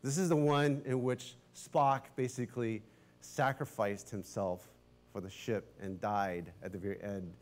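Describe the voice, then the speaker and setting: Middle-aged pastor guy, chatty sermon, animated, keeps correcting himself, laughs a lot. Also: lowish voice, a little slow. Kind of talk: casual storytelling sermon.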